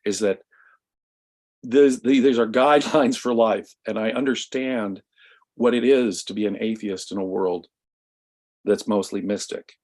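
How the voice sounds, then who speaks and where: A man's voice: lowish voice, measured pace, long pauses, a little mellow. Emphatic man telling a story. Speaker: guest commentator. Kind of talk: casual discussion.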